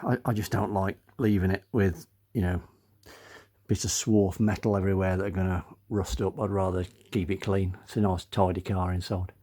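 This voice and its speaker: A man's voice: sits low, little pitch movement, moderate pace, mellow. An older man narrating his own car repair in a casual workshop vlog, out of breath, speaking to his viewers with many fillers. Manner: chatty, many uh fillers, addresses viewers as guys. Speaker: car restoration vlogger.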